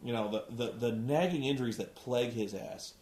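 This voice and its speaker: A man with a mid-range, darkish voice talks fairly quickly in an echoey room while hosting a casual wrestling show recap. He rambles, swears a lot, and restarts often.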